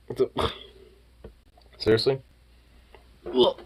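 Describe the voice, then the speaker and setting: A man's voice: low voice, unhurried, pauses often, a bit bright. A man chatting casually, swearing freely and cooing at his pet in baby talk. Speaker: streamer. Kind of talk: casual chat while reading online posts and talking to a pet.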